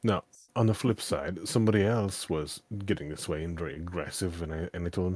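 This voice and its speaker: A man hosting a casual chat, with a big voice, telling lively stories and acting out the people in them. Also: sits low, brisk, hardly any pauses, husky, no echo. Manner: animated storytelling, acts out quoted people. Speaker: host.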